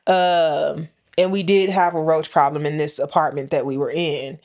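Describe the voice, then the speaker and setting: A woman's voice: low voice, steady tone, normal speed, a little mellow. A woman co-hosting a podcast, telling a story in a casual, dramatic way. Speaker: podcast co-host.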